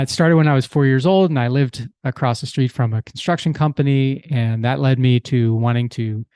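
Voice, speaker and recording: A man's voice: medium pitch, darkish tone, dry recording. Easygoing man telling a story, dry sound. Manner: easygoing, with restarts and "you know". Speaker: podcast host. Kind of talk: casual storytelling monologue.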